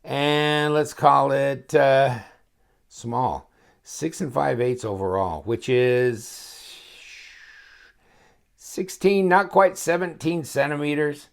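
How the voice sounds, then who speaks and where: Gravelly, rambling man unboxing a knife. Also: mid-range voice, slow. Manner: rambling and chatty, thinking aloud; wry, joking asides. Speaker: knife reviewer. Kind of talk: casual unboxing chat. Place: home, at his inspection table.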